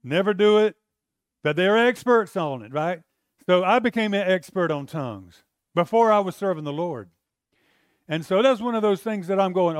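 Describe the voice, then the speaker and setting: A man with a fairly high voice preaches a sermon in a plain, conversational way. He tells personal stories, acts out his old arguments in animated bursts, and often checks that the listeners are following him. The sound is dry and close. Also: moderate pace, clear, resonant tone, no echo. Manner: animated storyteller acting out his own past arguments. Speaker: pastor.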